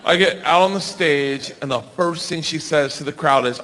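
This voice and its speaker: Loud laughing male stand-up comic. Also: a little high, moderate pace, few pauses. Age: 40s. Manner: loud, laughing, shouting punchlines. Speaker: stand-up comedian. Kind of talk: stand-up comedy set. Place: comedy stage before audience. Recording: live club with crowd noise.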